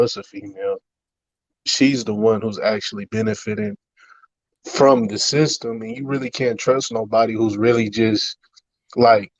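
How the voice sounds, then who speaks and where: A laid-back man chats as a stream guest, saying "bro" often. His voice sits at a middle pitch. He comes through a dull, lo-fi, dry call line. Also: a little mellow, dry recording. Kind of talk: casual chat.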